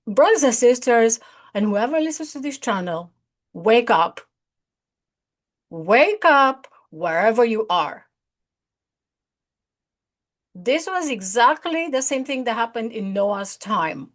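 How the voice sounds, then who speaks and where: A woman hosts her own prophecy channel and preaches with urgent, earnest warnings. She speaks slowly and often circles back to repeat a phrase. Her voice sits a little high. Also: very animated. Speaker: host of an online prophecy channel. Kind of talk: online prophetic sermon.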